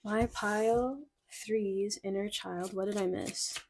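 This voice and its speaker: A young woman doing a casual intuitive card reading, excitable and giggly, gushing and a bit flustered, full of "like" fillers. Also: medium pitch, slow, vocal fry, noisy background. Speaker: tarot card reader.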